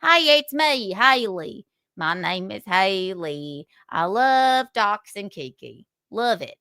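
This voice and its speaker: A woman's voice: medium pitch, animated, a little slow, no echo, studio quality, lightly acted. A woman voicing a mocking impression of a bragging, dim rival woman podcaster with a put-on Southern twang.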